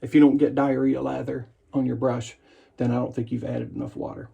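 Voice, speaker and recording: With a brisk, creaky, mellow mid-range voice that's slightly rough and shows little pitch movement, this man hosts a wet shaving vlog. He shaves in his home bathroom, rambling and making fun of himself, on a lo-fi recording.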